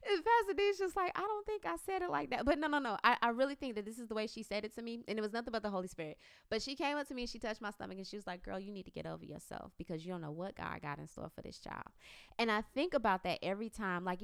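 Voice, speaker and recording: A woman, a mother, telling a faith-based personal story in a lively way, acting out her own past thoughts. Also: medium pitch, smooth, no echo, studio quality. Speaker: mother sharing a testimony.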